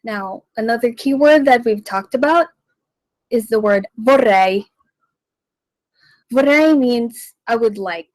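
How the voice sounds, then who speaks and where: A woman hosting a radio language lesson, teaching slowly and repeating each phrase so listeners can follow. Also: a little high, darkish tone, no room sound, poor audio. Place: radio studio.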